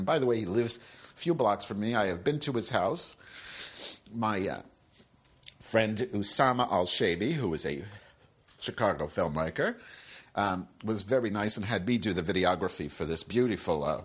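A man's voice: lowish voice, a bit bright, slightly rough. A man hosting a solo podcast, ranting angrily and profanely with sarcastic, rambling asides. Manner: angry, sweary, sarcastic. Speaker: podcast host.

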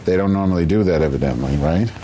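A man with a very low voice trades sarcastic banter as co-host. He sounds mock-offended. Faint noise hums behind him. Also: quick pace, dark tone. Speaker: podcast co-host. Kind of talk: casual chat.

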